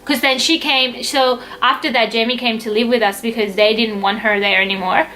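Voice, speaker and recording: A woman's voice: a little high, fairly even intonation, a little fast, bright, forceful tone, soft background music, poor audio. A woman vlogger casually telling a personal story, chatty, acting out quotes from her family. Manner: chatty, lots of fillers and acted-out quotes.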